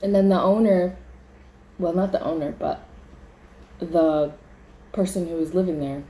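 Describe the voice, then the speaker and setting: A woman recounts a frightening dream as a casual story, chatty and full of "like". Her voice is mellow and warm. The room around her adds an echo. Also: on the low side, measured pace, pauses often. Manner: chatty, leans on "like", acts out her own panic. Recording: roomy echo.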